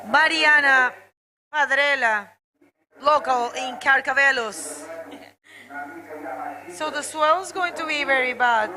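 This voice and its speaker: Brief: high-pitched woman, chatty live sports commentator, crowd noise behind. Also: poor audio. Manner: chatty, greets viewers. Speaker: bodyboarding commentator.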